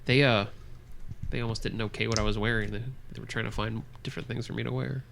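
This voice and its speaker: A man's voice: mid-range voice, steady tone, fast talker, vocal fry, a bit bright. A man hosting a movie podcast in casual chat, teasing his co-hosts in a dry way. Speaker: podcast host.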